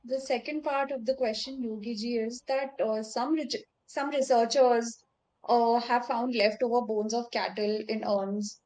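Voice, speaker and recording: Woman interviewer, measured questions. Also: on the high side, steady tone, darkish tone, rough recording. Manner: measured questions with hesitant fillers.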